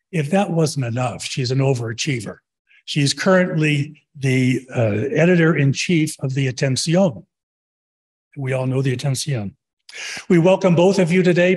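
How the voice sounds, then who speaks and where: A man's voice: on the high side, a little mellow, breathy edge. A man introducing guest speakers at a club meeting, chatty and stumbling over names and Spanish words.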